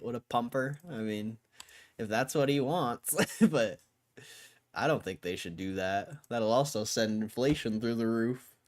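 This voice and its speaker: A man's voice: fairly low pitch, fairly bright tone. Laid-back wry male streamer. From Connecticut, USA. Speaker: livestream host. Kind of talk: casual livestream chat reading headlines.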